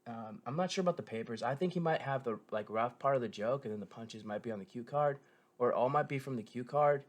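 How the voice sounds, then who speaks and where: A man's voice: medium pitch, quick pace. A man giving a casual, rambling spoken review, full of fillers, restarts and self-corrections, with a keen fan's tone. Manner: meandering, filler-heavy, frequent self-corrections; enthusiastic fan tone. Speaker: show reviewer.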